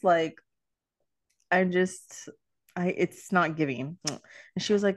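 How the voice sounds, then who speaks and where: A woman's voice: lowish voice, slow, pauses often, no room sound. A young woman and mother in casual chat, telling stories full of fillers and quoted back-and-forth. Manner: chatty, lots of fillers and quoted dialogue.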